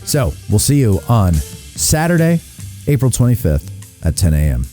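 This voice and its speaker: A male host talks in loose, joking chat, his voice mellow and warm. He leans on fillers as he goes. A faint guitar plays behind him. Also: fairly low pitch, very animated, moderate pace. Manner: joking, chatty, many fillers. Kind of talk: casual live show chat.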